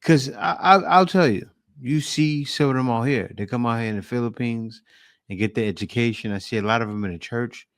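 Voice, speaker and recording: A man's voice: medium pitch, a little fast, no room sound, clean studio sound. A man co-hosting a casual chat, laid-back and agreeable, who also signs off the channel's video. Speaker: co-host and channel owner.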